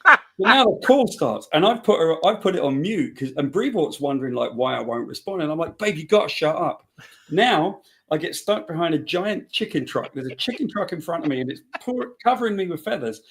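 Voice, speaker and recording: A man's voice: on the high side, brisk. A man, a guest writer, telling a funny anecdote in casual chat, acting out the quotes. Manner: animated anecdote teller, acts out quotes. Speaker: guest, comic book writer.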